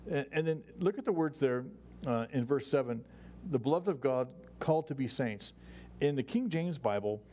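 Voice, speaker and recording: Chatty pastor teaching the Bible, faint hum. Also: male voice, mid-range voice. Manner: relaxed and chatty, many "you know"s and restarts, chuckles.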